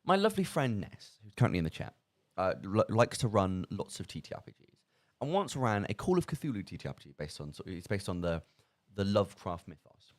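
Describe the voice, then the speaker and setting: Young Midlands man, hugely animated delivery. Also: on the low side. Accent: English Midlands. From English Midlands. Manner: chatty and jokey, quick to laugh at himself. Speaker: student radio host. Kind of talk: casual chat. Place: radio studio. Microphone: studio mic.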